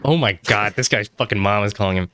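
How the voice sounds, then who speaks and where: A man's voice: fairly low pitch, fast, background noise. A man running a casual tabletop game as game master, rambling and swearing loosely.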